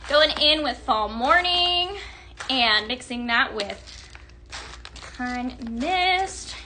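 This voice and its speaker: A woman hosting a live shopping stream, gushing in an upbeat sales pitch to viewers she calls her friends. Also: lively intonation, drawn-out words, bright, forceful tone, slight background noise.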